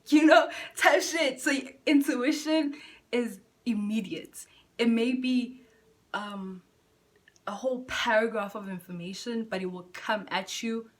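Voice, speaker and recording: A young woman vlogging from home in candid, profane, slang-filled chat, jumping between loud bursts and soft near-whispers. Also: medium pitch, fairly even intonation, unhurried, a little hiss or hum. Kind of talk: casual chat to camera.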